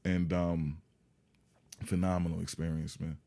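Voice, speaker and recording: Chill guy on a podcast, low-ish voice, keeps saying man and you know what i mean. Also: level tone, unhurried, gravelly, dark tone. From Yonkers, New York. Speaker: podcast guest, artist. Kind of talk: casual interview chat.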